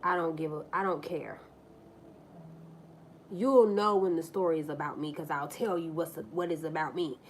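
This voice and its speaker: A woman hosting a livestream, telling a personal story to her viewers in a candid, profane, animated way. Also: low-pitched, normal speed, long pauses, a little hiss or hum. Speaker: livestream host.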